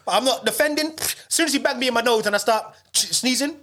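Rapid, high-voiced man, comic guest, loose and rambling with slang. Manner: rambling, animated storytelling with slang. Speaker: podcast guest, comedian. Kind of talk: casual chat.

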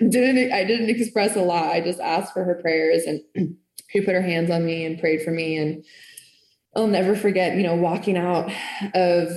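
A woman's voice: fairly low pitch, fairly even intonation, a little slow, darkish tone. A woman giving a casual personal faith testimony, earnest and emotional, with lots of "like" in her speech. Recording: echoey room.

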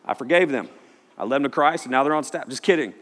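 A man's voice: mid-range voice, animated, fast, fairly bright tone, a little hiss or hum. A man preaching a sermon as pastor, joking and acting out the people he quotes. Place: church auditorium. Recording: long hall reverb.

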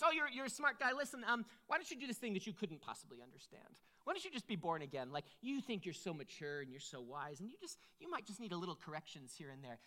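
Brief: woman putting on a brash male teacher, teasing and emphatic, voice leaps up and down. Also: mid-range voice. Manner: emphatic, loud bursts, playful. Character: blunt, teasing adult male teacher who cuts people off.

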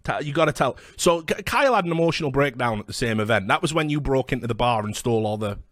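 A man's voice: mid-range voice, expressive, fairly bright tone, no echo, studio quality. A man hosting a podcast, telling sweary stories and acting out what people said. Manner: fast sweary anecdotes, acts out quotes. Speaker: podcast host. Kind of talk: casual storytelling chat.

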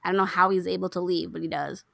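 A woman's voice: fairly low pitch, quick pace, creaky, no room sound. A woman chatting casually as a podcast co-host, animatedly retelling a film and acting out the lines. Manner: animated storyteller acting out quotes. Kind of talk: casual movie recap chat.

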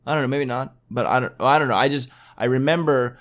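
A man's voice: mid-range voice, quick pace, fairly bright tone. A young man hosting a casual podcast, talking with his mother in a laid-back, joking way. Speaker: podcast host. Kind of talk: casual family chat podcast.

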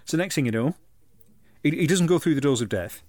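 A man co-hosting a podcast, retelling a comic story in a sweary, animated way. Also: on the high side, a little fast, dry recording. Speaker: podcast co-host. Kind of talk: casual comic chat reviewing a comic.

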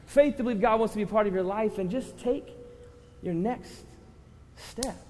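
A male pastor preaching to a congregation, conversational with loud impassioned rises. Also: high-pitched, moderate pace, a little hiss or hum. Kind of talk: sermon. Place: church hall with congregation. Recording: reverberant hall with faint ambience.

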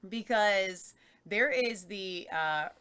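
A woman co-host with a bright, forceful voice argues her view in casual chat. She drives her point home with rhetorical questions and firm emphasis. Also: medium pitch, drawn-out words, clean tone.

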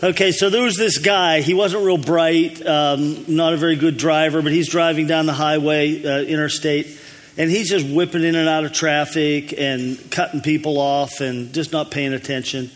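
A man's voice: on the high side, fairly even intonation, moderate pace, long reverb tail. A man, the lead pastor, telling folksy jokes to his congregation in an easygoing way. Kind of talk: telling jokes before a sermon. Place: church hall.

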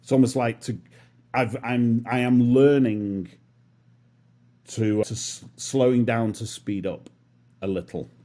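A man's voice: medium pitch, fairly even intonation, takes it slowly, pauses often, dark tone. Reflective man in his fifties. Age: 50s. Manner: musing, self-deprecating, with restarts. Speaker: guest. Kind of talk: reflective interview conversation.

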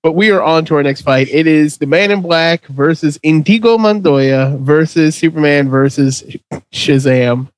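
Brief: male host, slightly higher voice, dry close sound, teasing and jokey. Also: normal speed, no room sound. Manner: joking, teasing, laughs often. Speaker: podcast host running a movie fight bracket. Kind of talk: casual chat.

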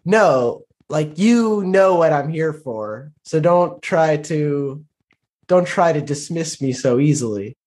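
A lovestruck young knight who speaks bluntly and defiantly to his rival, as a man plays him. His voice sits a little high for a man and his delivery is slow and deliberate. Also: expressive, darkish tone.

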